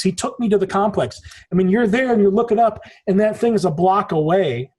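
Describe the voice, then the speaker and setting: Man, forties, husky voice, casual podcast guest, rambling storyteller, swears offhandedly. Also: high voice, a little fast, darkish tone. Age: 40s.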